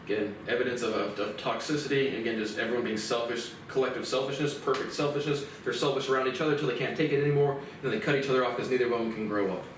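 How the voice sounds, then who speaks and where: Guy ranting and swearing on his own, mid-pitched voice, sounds far from the mic. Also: steady tone, rapid-fire, few pauses, slight background noise. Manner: profane, rambling and indignant. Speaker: commentator. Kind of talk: ranting solo commentary. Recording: very echoey room, mic far off.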